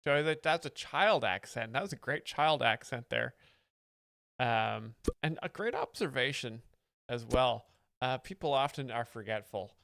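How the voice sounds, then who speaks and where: A man's voice: mid-range voice, measured pace, creaky, a bit bright, no echo. A young man hosting a comedy show, explaining jokes in a dry, mock-earnest way. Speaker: joke explainer host. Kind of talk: deadpan comedic commentary.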